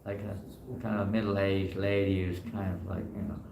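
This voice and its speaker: A man's voice: sits low, flat delivery, normal speed, vocal fry, noisy background. A man, a monk, giving an informal scripture class in a temple hall, talking in a loose, rambling way full of "you know" fillers.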